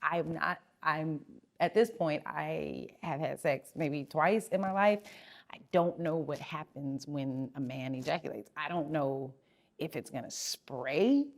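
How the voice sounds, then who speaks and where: Woman, middle-aged, podcast host; low voice, candid personal storytelling. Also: unhurried, gravelly. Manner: candid, animated, laughing through an awkward story.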